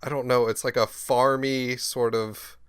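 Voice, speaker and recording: A man's voice: medium pitch, level tone, unhurried, a bit bright, clean tone, no room sound, clean studio sound. A man co-hosting a podcast, asking teasing questions in casual chat. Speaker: podcast co-host.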